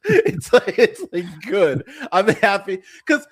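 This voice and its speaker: A young podcast host rambles through a casual, profane chat about bad movies, full of fillers and frequent laughter, swooping into mocking voices. His voice sits on the high side and sounds sing-song, moving at normal speed with few pauses.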